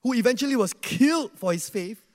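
A man delivers a sermon in a high, lively voice that swoops up and down. He asks the audience questions and acts out quotes. Long reverb from a large hall trails his words. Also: fairly quick. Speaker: preacher.

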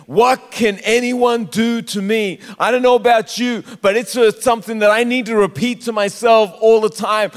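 A man preaching a sermon in a church, with impassioned, sometimes sung, drawn-out phrases. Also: extremely high pitch. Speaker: pastor. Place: church hall. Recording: live church hall with reverb and soft instrumental music. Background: soft instrumental music.

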